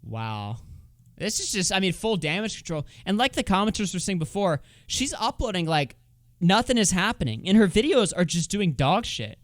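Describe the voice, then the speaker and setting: A high-pitched man riffs sarcastically through a livestream, swearing often and reading posts aloud. His voice is recorded close and dry, with no room sound. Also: big pitch swings, moderate pace, no echo. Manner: profane, sarcastic, reads comments aloud. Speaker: streamer. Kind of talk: casual livestream commentary.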